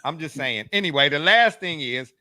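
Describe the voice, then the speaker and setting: A man's voice: fairly high pitch, expressive, normal speed, pushed and bright, dry recording, studio quality. A middle-aged man hosting a casual sports talk show, teasing his co-hosts playfully. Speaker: show host. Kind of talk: casual sports chat sign-off.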